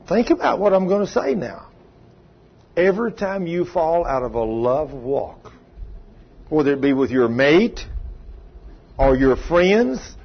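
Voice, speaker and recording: Folksy preacher with a husky voice. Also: male voice, on the high side, muffled recording. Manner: folksy, emphatic, asks the congregation questions. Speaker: pastor. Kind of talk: sermon.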